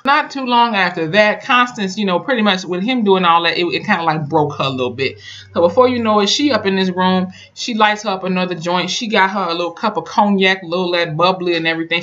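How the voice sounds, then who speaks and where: A YouTuber recapping a horror episode in a casual, profane, animated way, full of sassy asides. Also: medium pitch, highs cut off. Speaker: TV episode reviewer.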